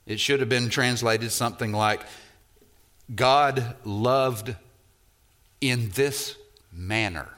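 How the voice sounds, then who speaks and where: A man's voice: fairly low pitch, bright, forceful tone. A man preaching an expository sermon, repeating key phrases and leaning hard on single words for emphasis.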